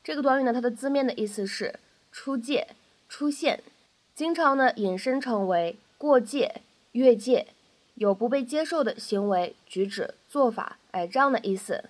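A woman teaching in a bright, slightly high voice. She explains each point patiently, adds lots of soft fillers, and says every example three times. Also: normal speed. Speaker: English pronunciation teacher. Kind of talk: explanatory lesson narration.

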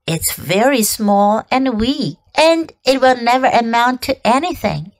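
A calm, practical farm mother with a fairly high voice and an easy lilt, as a woman reading a storybook puts her on. She talks in a matter-of-fact way, and the dry, close recording has no room sound around it. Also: unhurried, no room sound.

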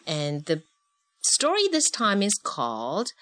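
A woman's voice: on the low side, wildly swooping pitch, slow pace, fairly bright tone, no room sound. A woman reading a picture book aloud with a child, patiently explaining and asking questions as they go. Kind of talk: read-along storybook lesson.

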